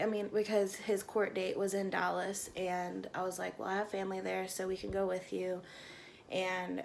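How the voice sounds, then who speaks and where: Gravelly-voiced woman telling a story. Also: mid-range voice, slight background noise. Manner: chatty, rambling, with fillers and self-corrections. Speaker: vlogger telling a personal story. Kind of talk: casual storytime chat.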